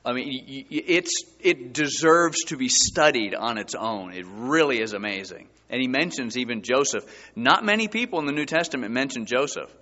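A man preaching a sermon as a pastor, his voice surging high and loud for emphasis. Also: lively intonation, moderate pace, few pauses. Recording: dull sound with long hall reverb.

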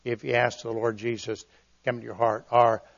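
A male preacher delivering a sermon in an earnest, conversational way, swinging from loud emphasis to quiet asides. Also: mid-range voice, level tone, a little fast, vocal fry, lo-fi sound. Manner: earnest, conversational, dramatic shifts in volume.

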